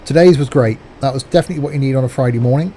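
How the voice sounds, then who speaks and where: A man chats casually through a live game stream, trading jokey, teasing banter with his viewers. His voice is mid-pitched with a mellow, relaxed tone. Faint background noise sits under the speech. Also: very fast. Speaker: streamer playing a train simulator.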